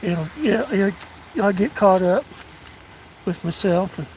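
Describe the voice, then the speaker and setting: A man in his 60s, a vlogger, chats breathlessly in a rambling, folksy, self-deprecating way during a casual livestream outdoors in rural woods. His voice is high and slow with lively intonation and a darkish tone. The audio is poor, with a slight hiss or hum, outdoor ambience, and a train passing by.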